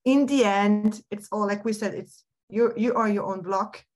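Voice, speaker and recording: A woman who works as a mindset and happiness coach appears as a podcast guest. She talks casually and reflectively, often restarting her sentences and laughing softly. Her voice is mid-range and her pace moderate.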